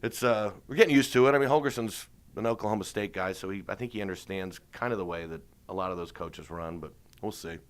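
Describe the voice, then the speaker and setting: A man, a stand-up comedian, chatting in an interview and telling animated stories with frequent laughs. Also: on the low side, fast talker, clean tone. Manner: animated storyteller, laughs often. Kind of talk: casual interview chat.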